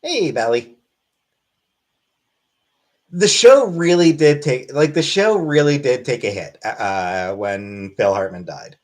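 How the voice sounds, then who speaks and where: A man hosting a casual livestream Q&A, reading chat questions aloud and answering in a wry, deadpan way. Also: mid-range voice, slow, pauses often. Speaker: livestream host.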